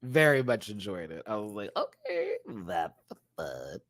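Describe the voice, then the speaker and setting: A drag show reviewer in his thirties tells animated stories from school and the stage in a casual reaction chat, swearing freely and bursting into laughter and squeals. His voice leaps between low asides and high yelps, and he talks a little slowly. The recording is dry and close, with no room sound.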